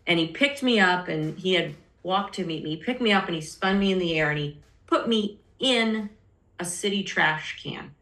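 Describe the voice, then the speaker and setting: Candid middle-aged woman, bright voice. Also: fairly low pitch, moderate pace. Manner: candid, acts out quoted people in shifting voices. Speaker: podcast guest. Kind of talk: personal storytelling in conversation. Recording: roomy echo.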